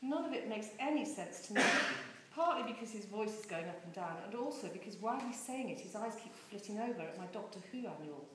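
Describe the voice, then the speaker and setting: A woman reads a story aloud with lively, expressive delivery. Her voice sits at an ordinary pitch for a woman. The room is strongly echoey. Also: brisk, few pauses, noisy background. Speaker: reader. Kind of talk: reading a novel aloud.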